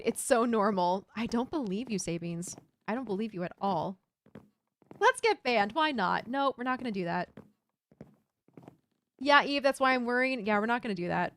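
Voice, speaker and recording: Animated woman streamer chatting while gaming. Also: on the high side. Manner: animated, giggly, exclaiming. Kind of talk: casual gameplay chat with viewers.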